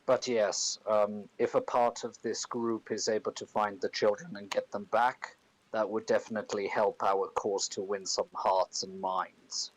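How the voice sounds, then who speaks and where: A man's voice: fairly low pitch, little pitch movement, a little slow, low-quality recording. A man talking as a player in a tabletop game, thoughtful and reasoning aloud. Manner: thoughtful, speaking in long reasoned runs. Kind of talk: tabletop role-play table talk.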